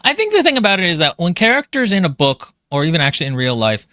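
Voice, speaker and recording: A man with a bright, ringing voice talks through a book, his pitch leaping up and down as he goes. He rambles, circles back and restarts his sentences. The sound is dry and close, with no room around it. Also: fast, no echo. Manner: animated, rambling with fillers and restarts. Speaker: podcast co-host. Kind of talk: casual book discussion.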